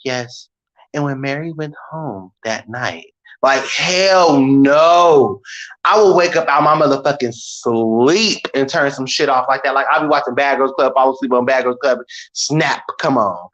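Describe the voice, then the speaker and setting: A man around thirty telling a casual, profane story-rant about scary movies, dramatic and animated, breaking into mock screams. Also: medium pitch, unhurried, rough recording. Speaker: vlogger.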